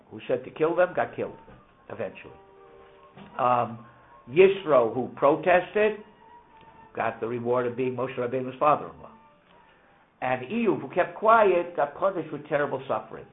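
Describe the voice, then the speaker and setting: A man teaching a casual Torah lesson, telling stories with animated, emphatic questions. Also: medium pitch, moderate pace, long pauses, faint music behind. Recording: tinny phone-like sound.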